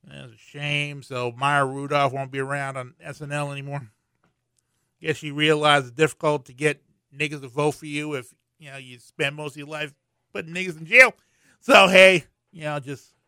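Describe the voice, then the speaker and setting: A man running a profane, meandering comic take on current events, stumbling through fillers. His voice is slightly high, bright and smooth, recorded close and dry. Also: steady tone, moderate pace, no echo. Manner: profane, rambling, with many fillers. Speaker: comedian commenting on news. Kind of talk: comedic news commentary.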